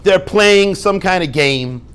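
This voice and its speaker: A man giving an informal Torah talk to a group, lively and conversational, acting out little dialogues and dropping Hebrew and Yiddish words. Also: high voice, slow, clear, resonant tone. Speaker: rabbi teaching a class.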